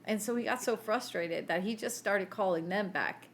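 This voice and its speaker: A woman's voice: mid-range voice, normal speed, a little hiss or hum. A woman co-hosting a podcast in casual chat, spinning funny anecdotes and laughing at her own punchlines. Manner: chatty storyteller, laughs at her own stories. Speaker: podcast co-host.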